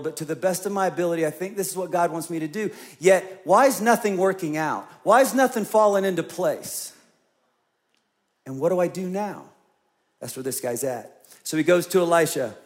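A male pastor preaching a conversational sermon, acting out voices in his storytelling. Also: on the high side. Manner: conversational, acts out quoted voices.

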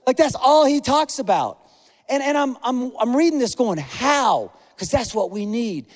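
A pastor preaching a conversational, animated sermon, acting out the voices he quotes. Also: very high-pitched, a little slow, big-room sound.

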